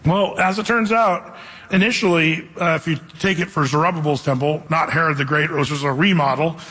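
A man preaching a sermon in a loose, conversational way, slowing down to read scripture deliberately. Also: on the high side, pushed and bright, husky, big-room sound. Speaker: pastor.

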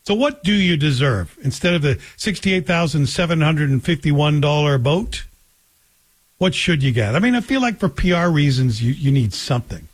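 Wry, husky middle-aged radio host. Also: male voice, a little high, expressive, normal speed. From Scotland. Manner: wry, joking, conversational storytelling. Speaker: radio talk show host. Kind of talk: casual radio monologue.

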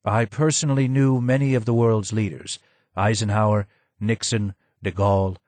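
Man reading hoarse, low-voiced old advisor, slow, sad, dry mic. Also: steady tone, darkish tone, dry recording, lightly acted. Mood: sorrowful. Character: broken old male former royal advisor, hoarse, sad.

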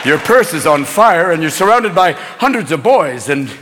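A man doing a fast, manic stand-up comedy routine, slipping in and out of put-on voices. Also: on the high side, very animated, very noisy. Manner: rapid, manic, jumps between put-on voices. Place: stage before a large live audience. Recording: live show in a big hall, loud crowd laughter.

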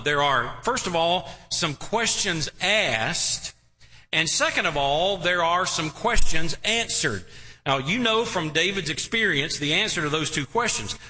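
Preacher guy, slow and drawn out, bright voice, big reverby church sound. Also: fairly high pitch. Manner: emphatic, drawn-out preaching with rhetorical questions. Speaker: pastor. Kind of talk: sermon. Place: church sanctuary.

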